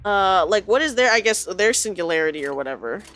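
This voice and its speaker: Chatty woman streamer with a lively voice. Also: mid-range voice, brisk. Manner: chatty, reacts aloud and reads lines in character. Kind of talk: gaming stream, reading dialogue aloud.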